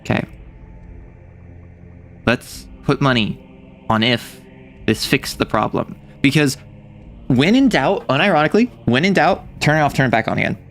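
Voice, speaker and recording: A man's voice: medium pitch, moderate pace, vocal fry, pauses often, a bit bright, faint music behind. A young man from the United States streaming a casual chat, rambling and joking, often cutting himself off mid-thought. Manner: rambling, jokey, self-interrupting.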